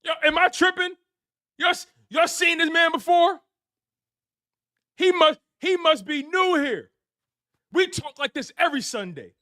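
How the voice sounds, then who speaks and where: A man's voice: very high voice, measured pace, pauses often, bright, forceful tone, no room sound, studio quality. A man hosting a live sports stream, delivering a repetitive, preachy rant in heavy slang. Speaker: sports show host.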